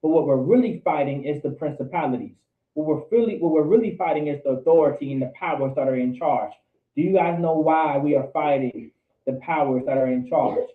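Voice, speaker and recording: A man's voice: a little high, a little fast. Man teaching a Bible class, tinny echo. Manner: quizzes students, repeats for emphasis. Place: indoor meeting room with a class. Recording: tinny, echoey lo-fi room recording.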